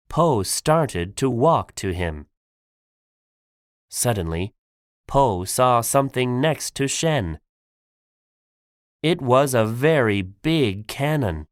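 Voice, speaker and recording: A man narrating a simple graded-reader audiobook for learners, clear and deliberate. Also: mid-range voice, lively intonation, dry recording, clean studio sound.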